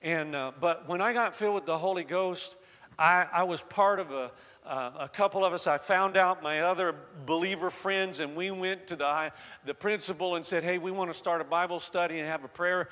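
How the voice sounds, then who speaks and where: With a high-pitched, bright and forceful voice at a moderate pace, this slightly Southern-accented man from the American South preaches as a pastor. His sermon unfolds like conversational storytelling before rising to fervent emphasis, carried on a long reverb tail.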